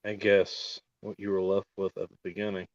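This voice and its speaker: A man hosting a show in a profane mock-serious rant, firing rhetorical questions and dropping from loud outbursts to near-murmurs. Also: low-pitched, completely flat delivery, normal speed, no room sound. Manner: heavy swearing, rhetorical questions. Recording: dull lo-fi dry recording.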